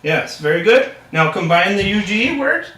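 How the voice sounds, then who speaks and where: A man's voice: high voice, very animated, normal speed, sharp tone. A young man acting as a reading tutor in a practice lesson, upbeat and encouraging, with frequent praise. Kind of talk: practice lesson role-play. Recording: echoey room, distant mic.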